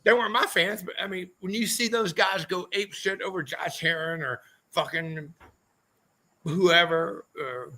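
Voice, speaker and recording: A man's voice: sits high, steady tone, a little slow, bright, forceful tone, poor audio. A man, a former motorcycle racer, telling rambling, profanity-laden stories as a podcast guest. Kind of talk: casual storytelling interview.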